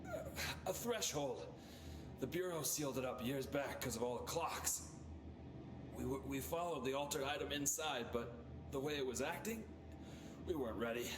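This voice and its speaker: Guy voicing a gruff hurt agent in a game, plain mid voice, roomy echo. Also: mid-range voice, moderate pace, pauses often, close to an everyday voice. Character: battered male agent, stubborn and wry. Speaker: wounded field agent.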